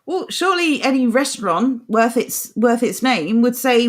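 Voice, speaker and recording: A woman's voice: on the high side, expressive, normal speed. A woman co-hosting a chatty opinion podcast, talking bluntly and with open scorn. She laughs easily, mocks freely and is just as cutting when she reads from a page. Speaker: podcast co-host. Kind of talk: casual opinionated chat, reading an article aloud.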